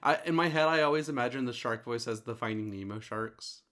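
A man's voice: mid-range voice, fairly bright tone. Playful, teasing male co-host. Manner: playful, teasing, quick to joke. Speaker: podcast co-host. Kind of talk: casual podcast chat.

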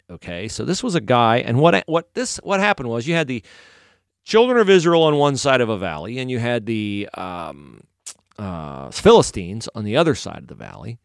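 A man gives a casual Christian reflection in a conversational voice. His mid-range pitch rises and falls a lot as he tells a story. The sound is dry and close, with little room. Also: sing-song, moderate pace, clean tone, no room sound. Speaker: Christian commentator. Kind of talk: casual faith talk.

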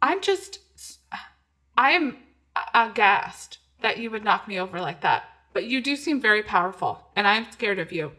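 A woman's voice: medium pitch, very animated, normal speed, pushed and bright. A woman playing an oblivious home cook who forages mushrooms, talking breezily and then getting flustered.

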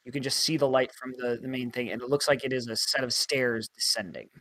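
A man narrating a tabletop game as game master, in a chatty, halting way with many fillers. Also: mid-range voice, fairly even intonation, bright, forceful tone, poor audio.

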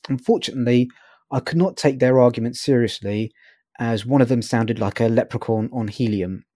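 Male interviewer, hesitant and filler-heavy, mid-pitched, dry close sound. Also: normal speed, dark tone, dry recording. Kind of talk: casual interview chat.

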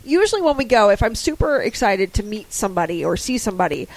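A woman co-hosting a podcast in casual chat, telling a story in an animated, gushing way. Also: medium pitch, fast talker, no echo, poor audio. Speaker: podcast co-host.

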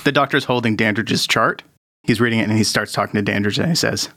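A man's voice: lowish voice, fast, sharp tone, dry recording, clean studio sound. Easygoing male game master. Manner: easygoing, laughs often. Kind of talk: narrating a tabletop game.

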